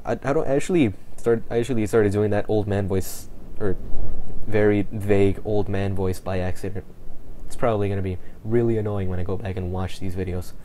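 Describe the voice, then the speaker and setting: A man's voice: lowish voice, fairly even intonation, a little fast, mellow, slight background noise. A man at home giving casual, offhand let's-play commentary, swearing freely. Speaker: game player.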